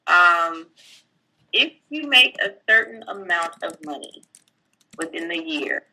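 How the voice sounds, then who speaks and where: A woman's voice: fairly low pitch, lively intonation, slow, creaky, sharp tone, rough recording. A woman tax professional, a guest, explaining filing rules step by step in a plainspoken, casual way, with fillers. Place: California.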